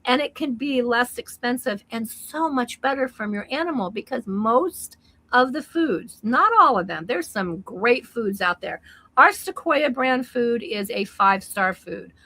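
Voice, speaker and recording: A woman's voice: a little high, animated, measured pace, pushed and bright, no room sound, poor audio. A middle-aged woman co-hosting a talk show, speaking earnestly and giving advice in a casual, unscripted way, with frequent restarts. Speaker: co-host.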